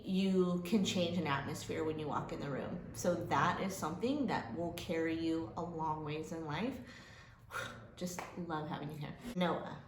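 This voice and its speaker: A woman giving heartfelt end-of-year praise to students, emotional and laughing. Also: fairly low pitch. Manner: warm, emotional, laughing, gets choked up. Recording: echoey room with faint noise.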